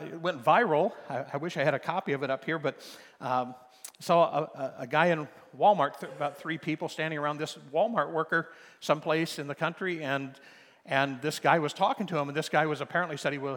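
An older male pastor delivers a sermon in a fairly high voice. He shifts between quiet, conversational storytelling and loud, emphatic preaching. A long reverb trails his words, as in a large church hall. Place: church sanctuary.

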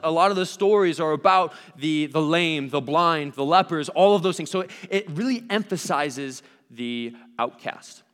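A man's voice: fairly high pitch, a bit bright, long reverb tail. A man giving a conversational sermon, thinking aloud with restarts and asking questions of the text. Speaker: preacher.

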